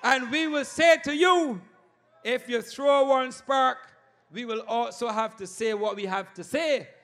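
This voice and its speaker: A man with a Barbadian accent giving a fiery campaign rally speech, shouting and repeating his address to the crowd. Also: high-pitched. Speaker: political candidate.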